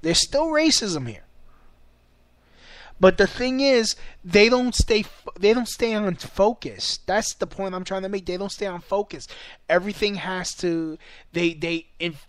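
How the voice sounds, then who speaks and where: A man's voice: high voice, fairly even intonation, normal speed, smooth, dry recording. A young man ranting in a casual vlog, rambling and profane and breaking into laughter often. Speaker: vlogger.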